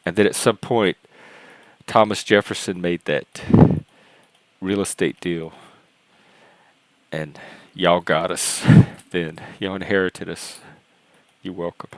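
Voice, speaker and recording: A Cajun man from South Louisiana in his forties, rambling and halting as he tells stories while hosting a panel chat. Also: low-pitched, steady tone, dry recording, low-quality recording. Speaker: host of a panel discussion. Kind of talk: casual chat.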